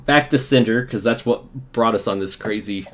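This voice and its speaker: A young man from Utah hosting a casual podcast, telling excited fan stories with quick asides and laughs. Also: on the low side, background noise. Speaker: podcast host. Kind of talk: casual chat.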